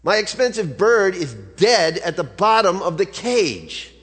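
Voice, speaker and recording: A man's voice: high-pitched, sing-song, a little slow, a bit bright, faint music behind, full character voice. A man preacher voicing a worried, exasperated woman who pleads with a shopkeeper. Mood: indignant. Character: worried middle-aged woman bird owner. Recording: long reverb of a large hall.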